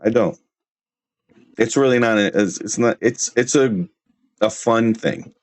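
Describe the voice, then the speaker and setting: A man's voice: fairly low pitch, unhurried, no room sound. A man ranting on his livestream in a brash, rambling, trash-talking way, full of restarts. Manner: laughs at his own jokes. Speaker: streamer. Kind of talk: casual livestream rant.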